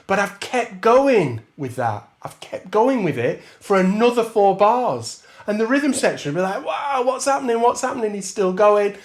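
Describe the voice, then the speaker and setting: A man teaching a trombone masterclass, chatting casually, laughing often and scatting rhythms as he counts bars. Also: high-pitched. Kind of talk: masterclass talk with sung counting.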